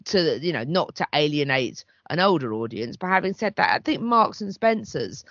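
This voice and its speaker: A woman co-hosts a chatty podcast, her voice rising and falling with lively movement. She reasons things through in a measured way, often restarting a thought. The sound is dry and close with a slightly dull, muffled top. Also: low-pitched, no room sound. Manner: measured, thinking aloud with restarts. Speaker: podcast co-host. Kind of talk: casual discussion podcast.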